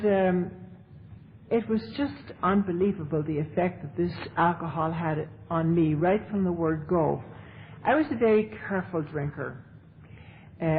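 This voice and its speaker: A woman telling her recovery story to an audience as a speaker, in a chatty, humorous way. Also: fairly low pitch. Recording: tinny lo-fi tape with faint hiss.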